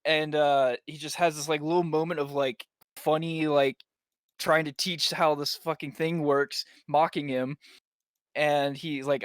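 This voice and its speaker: A young man on a podcast stream, excitedly retelling an anime episode in casual, profane chat and briefly voicing the characters. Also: fairly high pitch, a little slow, no echo. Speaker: podcast co-host.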